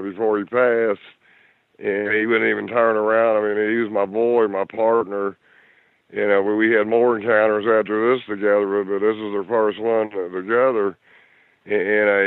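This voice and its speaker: A middle-aged man from Kentucky with a Kentucky accent, telling a story in a halting way full of fillers and restarts. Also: on the low side, clean tone, dry recording. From Louisville, Kentucky. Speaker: guest telling encounter story. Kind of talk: casual storytelling. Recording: tinny phone line.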